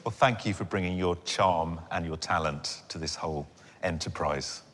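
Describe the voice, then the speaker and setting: A man presenting an unveiling event in a brisk, upbeat compere manner. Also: low-pitched, fairly bright tone, in a large hall. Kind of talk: hosting a live unveiling.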